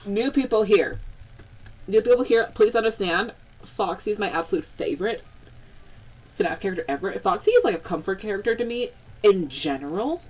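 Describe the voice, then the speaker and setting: A woman's voice: medium pitch, moderate pace, poor audio. Bubbly young woman streaming casually. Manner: bubbly, rambling, bursts into excited squeals. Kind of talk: casual live-stream chat.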